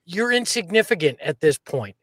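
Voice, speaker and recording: High-voiced ranting man on a podcast. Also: big pitch swings, moderate pace, crowd noise. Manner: ranting, mocking, jokey. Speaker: podcast panelist. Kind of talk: casual livestream chat.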